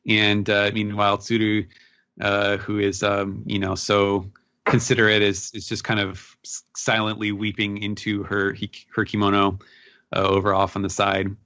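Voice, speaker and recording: Podcast co-host, lowish man, relaxed and halting, slightly dull lo-fi mic. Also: no room sound. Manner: halting, many fillers and restarts. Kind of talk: casual manga recap chat.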